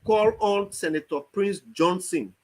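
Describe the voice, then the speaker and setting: Guy grilling a lawmaker, high voice, keeps pushing questions. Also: measured pace, poor audio. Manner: pressing, argumentative questioning. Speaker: opposition party official. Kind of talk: political talk show debate.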